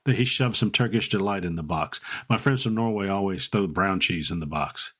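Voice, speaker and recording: A man's voice: deep voice, fairly quick, a bit bright. A man hosting a casual podcast, rambling and joking between ad plugs. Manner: rambling, jokey, reads ad plugs. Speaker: podcast host.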